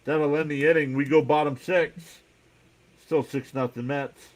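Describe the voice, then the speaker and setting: A man with a New Jersey accent hosts a live baseball reaction stream, casually calling each pitch and the count. Between plays he reads viewers' messages aloud and answers them. His intonation is fairly even and his pace a little slow.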